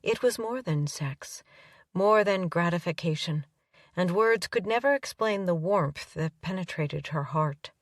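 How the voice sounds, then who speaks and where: A woman narrating a romance audiobook in an even, unhurried storytelling manner. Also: fairly low pitch, dry recording, clean studio sound, recorded from a distance.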